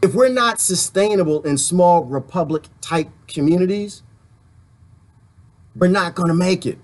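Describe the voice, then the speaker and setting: Animated rambling man ranting to viewers. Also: high voice, a little slow. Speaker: vlogger. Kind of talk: casual political rant.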